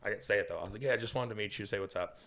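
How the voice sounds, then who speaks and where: Bright-voiced man telling a comedy story. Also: on the low side, racing. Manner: animated, swears a lot, acts out quoted dialogue. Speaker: guest comedian. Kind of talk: casual podcast storytelling.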